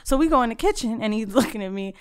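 A woman from Florida, co-hosting a podcast in a studio, telling stories in a loud, animated way and switching voices for the people she quotes. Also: a little high, fast, smooth. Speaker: podcast co-host. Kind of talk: casual chat.

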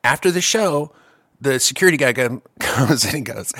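A man telling a long story in casual chat, profane and animated, with quick asides and restarts. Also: medium pitch, no echo, studio quality.

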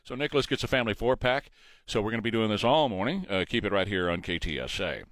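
A man's voice: fairly low pitch, expressive, quick pace, a bit bright, no room sound. A man hosting a morning talk radio show, opinionated and mocking.

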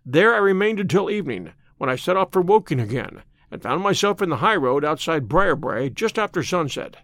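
A sharp, self-assured detective talks in a brisk, dry way, as a man reads him in an audiobook. The voice sits a little high and moves a lot in pitch. The sound is close and dry. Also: very animated, no echo. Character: sharp, wry male detective, brisk and confident. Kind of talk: audiobook character reading.

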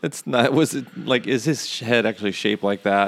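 A man's voice: medium pitch, normal speed, creaky. A man hosting a casual podcast from his kitchen, chatty and easygoing, laughing often. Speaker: podcast host. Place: home kitchen.

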